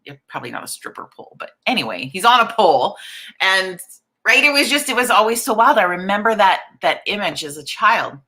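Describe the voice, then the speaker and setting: A woman in her forties hosting a live online coffee chat, chatty and upbeat, greeting viewers and chatting with a croaky morning voice. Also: medium pitch, big pitch swings, moderate pace, bright, forceful tone. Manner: chatty, upbeat, reads viewer comments aloud. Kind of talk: casual live-stream chat.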